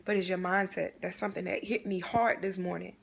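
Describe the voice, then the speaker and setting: A woman's voice: lowish voice, little pitch movement, fairly quick. A woman giving an earnest, faith-based inspirational talk, repeating phrases for emphasis in a prayerful way. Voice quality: gravelly creaky voice. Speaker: inspirational vlogger.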